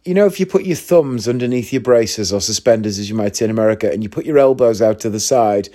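A man's voice: fairly low pitch, quick pace, mellow. A man from the northeast of England, a comedian in his thirties, telling a long anecdote in a chatty, casual way with asides to the listener. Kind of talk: casual storytelling.

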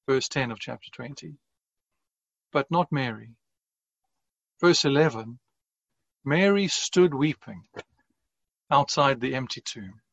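A male pastor preaching in an unhurried, earnest style, letting each phrase land before moving on. His voice sits a little high for a man. The recording is dry and somewhat dull, like a lo-fi capture. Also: no room sound. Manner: measured, earnest preaching with deliberate pauses. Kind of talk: sermon.

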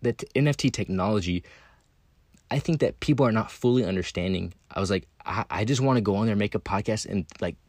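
A man with a fairly low voice hosts his own podcast in a loose, unscripted monologue. He talks bluntly and swears a lot, leaning on "right?" and "again" as he goes. The sound is dry and close. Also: quick pace, a little mellow, no room sound. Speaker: podcast host. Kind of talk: casual monologue.

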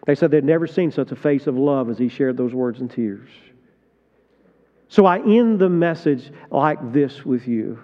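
A man's voice: medium pitch, lively intonation, unhurried. Impassioned preacher man in reverberant hall. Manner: impassioned preaching, swings from hushed to loud. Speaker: pastor. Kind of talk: sermon. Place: large church hall. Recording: dull sound, long hall reverb.

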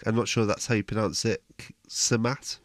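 A man's voice: fairly low pitch, fairly even intonation, fast, dry recording, clean studio sound. A man hosting a music podcast, leading casual chat with teasing, jokey banter. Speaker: podcast host.

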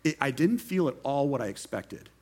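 A man's voice: medium pitch, normal speed. A young man, a pastor, giving a sermon testimony and acting out the voices of the people in his story. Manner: animated storytelling, acts out quoted voices.

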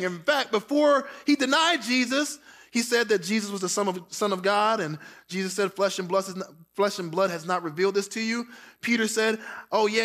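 Bright, high-voiced preaching man. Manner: preaching with dramatic quoted voices, drops soft for Jesus' words. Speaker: pastor. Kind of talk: sermon.

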